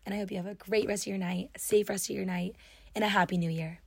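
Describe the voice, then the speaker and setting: A young woman talks on her own podcast in a warm, gushing, encouraging way. Her pitch sits in the middle, and the recording is close and dry with no room sound. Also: fairly even intonation, quick pace, gravelly, breathy edge, no echo. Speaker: podcast host. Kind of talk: solo podcast talk.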